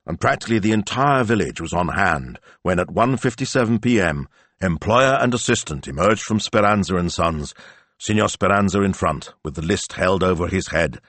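Man, audiobook narration, deep voice, lively intonation, measured telling. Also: no room sound. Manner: measured storytelling. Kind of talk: scripted narration.

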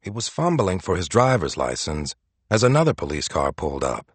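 Deep, husky-voiced male audiobook narrator. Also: very animated, moderate pace, no echo.

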